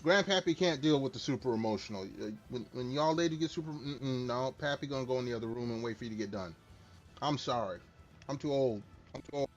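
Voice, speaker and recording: A middle-aged man with a medium-pitched voice talks fast, chatting casually while he streams a game. He rambles and comes across as candid and self-deprecating. The audio is slightly dull lo-fi from a stream mic, with faint music behind him.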